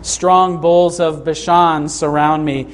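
In a church sanctuary with a faint hum of room noise, a middle-aged pastor preaches earnestly to his congregation, his voice a touch higher than most men's and showing little pitch movement. He slows down to read scripture and raises his pitch on key points.

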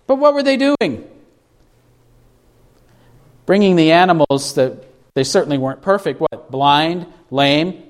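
Guy preaching a sermon, kinda high voice, asks lots of questions, slows way down on bible verses. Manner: preaching with rhetorical questions and dramatic pauses; slows down for emphasis on scripture. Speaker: pastor. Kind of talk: expository sermon.

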